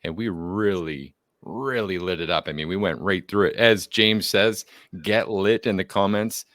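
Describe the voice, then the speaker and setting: A man's voice: deep voice, unhurried, a bit bright, no echo, studio quality. A man co-hosting a podcast in casual chat, upbeat and joking, a little self-deprecating. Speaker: podcast co-host.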